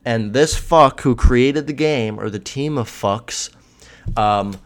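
A young man hosts his own podcast alone, ranting in a loose, rambling way. He swears constantly and speaks bluntly. His voice sits at an ordinary middle pitch. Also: slow pace. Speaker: podcast host. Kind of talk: casual solo podcast rant.

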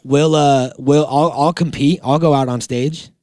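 A man's voice: mid-range voice, fairly even intonation, unhurried, mellow, no echo, studio quality. A young man co-hosting a casual chat, rambling and swearing as he retells a clip. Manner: rambling, swearing, laughing storyteller. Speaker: co-host.

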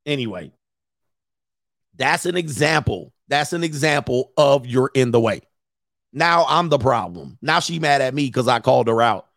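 A man's voice: medium pitch, lively intonation, moderate pace, vocal fry, fairly bright tone, no room sound, clean studio sound. A man hosting a casual livestream as a coach, joking crudely, laughing often and acting out other people as he tells stories. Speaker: host and dating coach.

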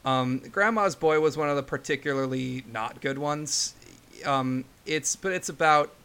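A man's voice: fairly high pitch, measured pace, a bit bright, smooth. A young man co-hosting a podcast, joking irreverently and swearing casually. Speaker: podcast co-host.

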